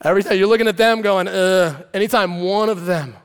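A man preaching a lively, conversational sermon and acting out characters with shouts and asides. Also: high voice, fairly quick, smooth. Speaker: pastor. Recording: long hall reverb.

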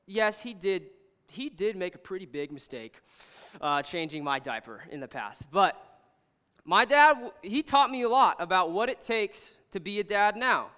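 A young man preaching a casual storytelling sermon, earnest and animated, often saying "like" as he talks. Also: high voice, moderate pace, clean tone. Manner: earnest, animated, heavy use of "like". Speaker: pastor. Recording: long hall reverb.

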